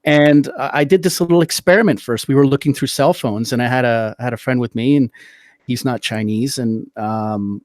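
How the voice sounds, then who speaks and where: A man's voice: mid-range voice, moderate pace, a little mellow, no echo. A middle-aged man hosting a casual political chat, rambling and swearing heatedly as he tells stories. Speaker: podcast host.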